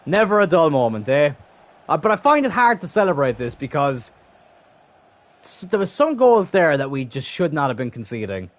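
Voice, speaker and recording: A young man commentating his own football video game match as a streamer, swinging from calm remarks to frustrated, swearing outbursts. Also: fairly high pitch, normal speed. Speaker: gaming streamer. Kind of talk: live gameplay commentary.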